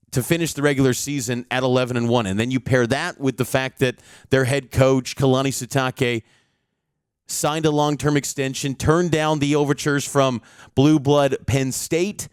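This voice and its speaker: A man's voice: medium pitch, fairly even intonation, moderate pace, smooth, no room sound, studio quality. A male sports reporter giving a confident, stat-heavy preview of a college football game.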